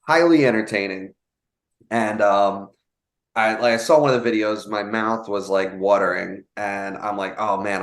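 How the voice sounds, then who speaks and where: A young man telling a casual story, animated, with many fillers and quoted voices. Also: fairly low pitch, reverberant. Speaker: guest telling a sales story.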